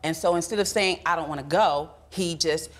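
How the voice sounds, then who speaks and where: A woman's voice: low-pitched, brisk. Chatty woman in her forties telling her side. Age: 40s. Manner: talkative storyteller, acts out dialogue. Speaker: litigant. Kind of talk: courtroom show testimony.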